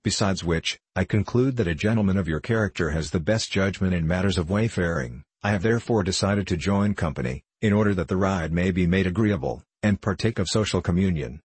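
Man reading solemn long-winded singing master, formal old-fashioned phrasing, low husky voice, dry. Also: brisk, few pauses, darkish tone, dry recording.

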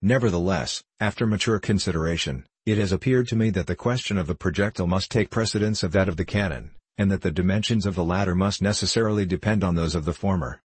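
A man lending a deep, slightly husky voice to a stately president of a gunnery club, composed and methodical, in a dry storybook reading. He lays out each point in calm, ordered sentences. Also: no room sound. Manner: measured, composed oratory.

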